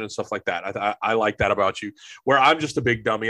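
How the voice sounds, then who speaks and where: A man's voice: mid-range voice, fast, a bit bright. A man from North Carolina with a Southern accent, co-hosting a casual podcast chat, laughing often and stammering over repeated words. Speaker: podcast co-host.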